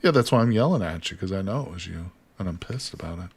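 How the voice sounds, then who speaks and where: A man with an American accent and a slightly low voice chats on a game live stream. He teases his viewers and his co-player, swearing casually as he jokes. His talk is loose and conversational. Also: animated, fast talker, breathy edge. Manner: joking, teasing, swears casually.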